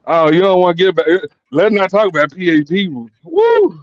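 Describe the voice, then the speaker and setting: Casual high-voiced male host, rambling and profane, dull dry recording. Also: wildly swooping pitch, moderate pace, dry recording. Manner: rambling, repeats words, laughs often. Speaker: podcast host. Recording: dull lo-fi sound.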